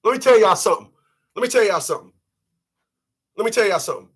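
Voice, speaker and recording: High husky man in a profane rant. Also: animated, quick pace. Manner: profane, emphatic, often shouting. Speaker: channel host. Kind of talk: ranting commentary.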